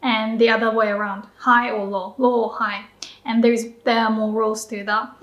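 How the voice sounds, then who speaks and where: A Japanese woman teaching pronunciation in a chatty, upbeat video lesson, slowing down to demonstrate words. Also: a little high, flat delivery, fairly bright tone, reverberant, highs cut off.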